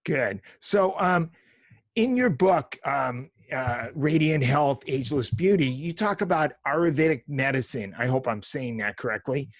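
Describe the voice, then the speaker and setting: A man's voice: medium pitch, very animated, a little slow, no room sound. A man in his fifties, a chiropractor hosting an interview podcast, who reads a formal guest introduction with the odd filler. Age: 50s.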